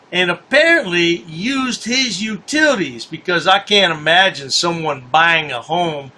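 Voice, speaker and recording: A man's voice: on the high side, sharp tone. A man hosting a commentary channel, mocking a news story in a sarcastic, scornful way and repeating his points for effect.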